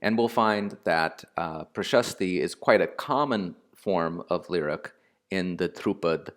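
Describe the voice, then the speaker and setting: Slow, deep-voiced male lecturer. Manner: slow and deliberate, with pauses and fillers. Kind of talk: explanatory lecture.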